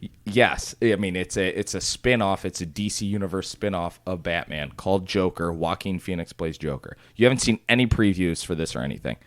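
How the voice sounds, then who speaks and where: A man with a low voice chats casually as a podcast co-host. He teases his friend, swears freely, and breaks into high, loud exclamations. The sound is dry and close, with no room echo. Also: animated, fairly quick. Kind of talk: casual chat.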